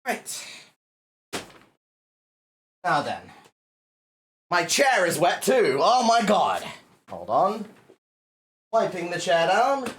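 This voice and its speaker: A man's voice: high voice, sing-song, drawn-out words, pauses often, a little hiss or hum. A male livestreamer chatting casually to his viewers, exasperated and swearing a lot as he cleans up.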